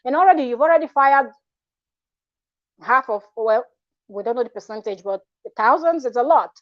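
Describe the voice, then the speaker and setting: A woman's voice: a little high, expressive, normal speed, dry recording, dull audio. A woman vlogger talking casually and frankly, rambling with restarts and asides. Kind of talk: casual commentary vlog.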